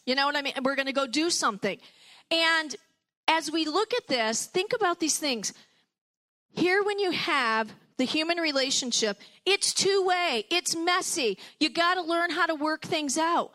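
A woman's voice: high-pitched, normal speed, bright, forceful tone. A middle-aged woman speaking to a group of mothers, telling family stories with chatty asides and restarts. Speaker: speaker at a women's gathering.

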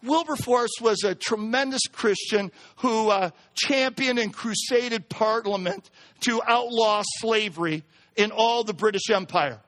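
High-voiced pastor man preaching, bright sharp tone, gets loud and punchy. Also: measured pace. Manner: preacherly, rising to emphatic near-shouts; reads a poem in a hushed lower voice. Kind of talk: sermon.

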